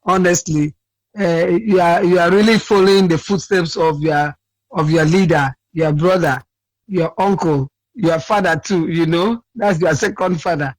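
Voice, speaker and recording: A sleepy man from Akwa Ibom State, Nigeria, phones in to a radio show, his high, dry voice cracking as he rambles unhurriedly, repeats himself and slips into his dialect. The audio is low quality but has no echo.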